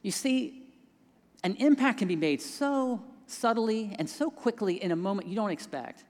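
A man telling a story in a sermon, dropping to hushed tones in quiet moments and rising when he stresses a point. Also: high voice, lively intonation, moderate pace. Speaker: pastor. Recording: long hall reverb.

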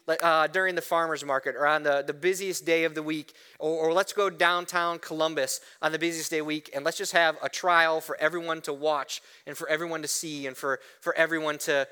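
A man preaching a sermon, animated, often asking "right?" and restarting words. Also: high-pitched, clean tone. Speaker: pastor.

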